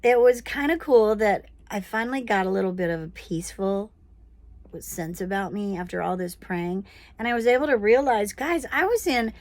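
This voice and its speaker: A woman tells a personal story in a casual, animated way, self-deprecating and prayerful by turns. Her voice sits in a middle register. The recording is dry and close, with no room sound. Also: mid-range voice, normal speed, no room sound. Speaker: speaker telling a personal faith story.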